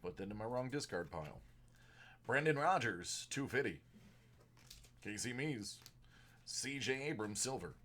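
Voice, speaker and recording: A man's voice: mid-range voice, unhurried, long pauses, slight background noise. Man with a sore, strained throat. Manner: rattles off card names, bursts of excitement at big pulls. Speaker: card breaker on a live stream. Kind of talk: live card-break commentary.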